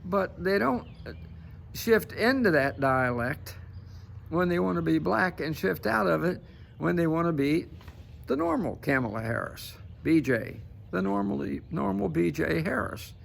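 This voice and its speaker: A man's voice: high voice, animated, moderate pace, vocal fry, a little hiss or hum. A man giving casual political commentary to camera, emphatic and repeatedly tagging his points with "okay?".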